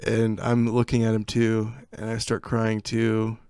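A young man tells a funny childhood story on a podcast, laughing as he goes and acting out the lines of the people in it. His voice sits fairly low. The sound is dry and close to the mic. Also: a little slow, smooth, dry recording. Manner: laughing, animated storyteller who acts out quotes. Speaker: podcast co-host. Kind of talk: casual storytelling chat.

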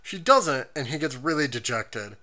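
Here a lively, expressive podcast host summarizes anime scenes in easygoing chat, reading out both episode summaries and comments from viewers. The voice is mid-range, and the pace is moderate.

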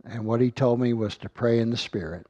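A man's voice: mid-range voice, a little fast, mellow, no echo, dull audio. A man giving an earnest sermon, reading scripture aloud and often repeating words as he finds his thought. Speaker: Bible teacher.

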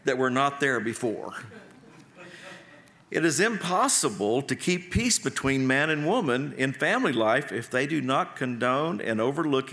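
A middle-aged man preaching a sermon in a bright, clear voice. His delivery is earnest and unhurried, and he pauses between his points. He speaks at an ordinary middle pitch. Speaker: pastor.

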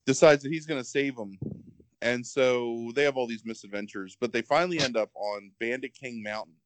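A man's voice: mid-range voice, moderate pace, no echo. Rambling man in casual chat. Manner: rambling, animated, heavy on "like".

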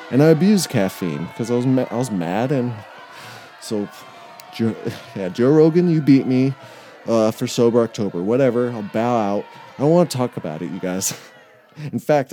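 Relaxed, low-voiced man swearing casually. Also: no room sound, clean studio sound. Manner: loose, profane, laughs often. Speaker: podcast host. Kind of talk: casual podcast monologue.

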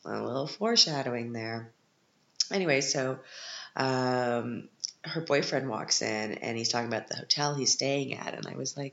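A podcast host rambles through a sarcastic recap of a TV film from a living room. The voice has a gravelly edge. The recording sounds slightly dull and roomy, like a home setup. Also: medium pitch, normal speed, a bit bright.

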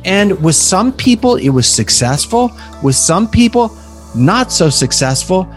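A man voicing an elderly male physiatrist in his nineties with a New York accent, telling a story slowly. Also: high-pitched, very animated, soft background music, voice pushed up. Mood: reminiscing. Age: 90s. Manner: slow, reminiscing storyteller.

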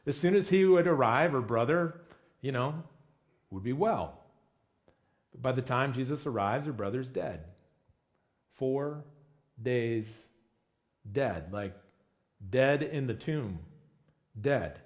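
A man delivers a sermon with a lively, swinging pitch. He talks like he is chatting with friends, with plenty of "I mean" and "you know". He keeps asking his listeners rhetorical questions. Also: takes it slowly, pauses often. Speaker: pastor.

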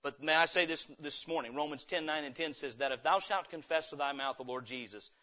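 A man preaching a sermon, swinging from loud, emphatic lines to low, quiet ones. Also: brisk, highs cut off. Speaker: pastor. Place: church sanctuary.

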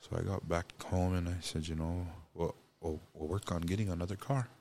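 Deep-voiced man telling a halting story. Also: fairly even intonation, dark tone, a little hiss or hum. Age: adult parent. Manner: rambling, halting with restarts; speaks of God and blessing. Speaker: guest. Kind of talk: personal storytelling.

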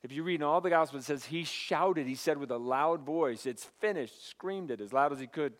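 A man preaching a sermon, telling a story with animated dialogue and asides to his audience. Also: fairly high pitch, a little fast. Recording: hall reverb.

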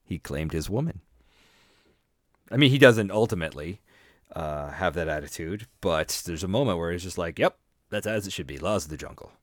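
A man's voice: low voice, animated, moderate pace, dry recording, studio quality. A man co-hosting a casual book podcast, giving wry comments and mock-quoting characters. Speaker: podcast co-host.

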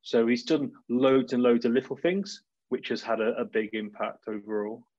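A man's voice: mid-range voice, fairly even intonation, moderate pace, darkish tone, no echo. A man, talking casually on a podcast as a guest, rambling with many restarts. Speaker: podcast guest, club fan. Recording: dry, dull lo-fi sound.

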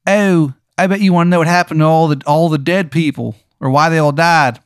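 A man's voice: clean tone, no echo, clean studio sound, natural voice. A man voicing a sleazy male stranger in a detective coat who talks in an overdone Maryland accent, calling everyone "hun.". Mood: sleazy, chummy. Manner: high, loud, drawn-out "hun".

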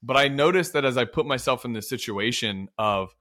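A man co-hosting a podcast, chatting casually and telling an animated story. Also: mid-range voice, fairly quick, few pauses. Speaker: podcast co-host. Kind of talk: casual chat.

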